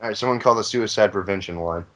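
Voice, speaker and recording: A man's voice: lowish voice, fast talker, a bit bright. A man hosting a casual podcast, joking around and laughing often. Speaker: podcast host.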